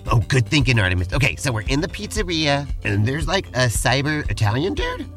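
A man's voice: mid-range voice, huge pitch swings, brisk, music in the background. A man co-hosting a podcast, narrating a playful role-play and bantering with enthusiasm. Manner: enthusiastic, talky, uses "like" a lot. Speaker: podcast co-host.

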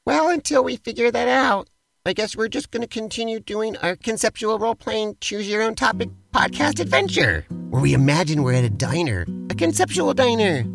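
A man's voice: high-pitched, sing-song, normal speed, gravelly, fairly bright tone, soft background music. A man co-hosting a comedy podcast, narrating an improvised role-play in a playful, theatrical way.

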